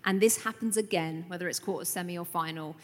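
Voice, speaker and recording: A woman from London co-hosting a casual chat, dry and teasing with quick retorts, heard with long reverb. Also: on the low side. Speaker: co-host.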